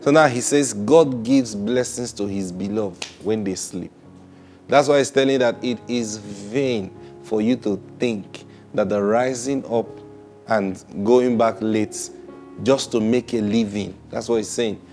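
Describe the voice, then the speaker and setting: A man preaching a sermon, emphatic, laughing often and climbing to loud high peaks on key lines. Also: unhurried, faint music behind. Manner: laughs often between points.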